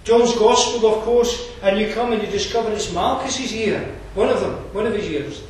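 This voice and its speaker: A man with a Scottish accent preaching a sermon, conversational and digressive, often pausing with fillers and restarting his sentences. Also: sits high. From Scotland. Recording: echoey room from far off, faint ambience.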